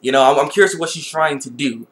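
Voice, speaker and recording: A man reviewing an anime episode in a casual vlog, excitable and laughing, and often repeating his words. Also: on the high side, fast talker.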